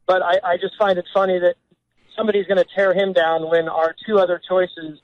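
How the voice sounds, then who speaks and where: A man's voice: high-pitched, little pitch movement, fairly quick, no echo, lo-fi sound. A man calling into a radio talk show, arguing his point earnestly and stumbling through restarts. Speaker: caller. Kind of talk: radio call-in.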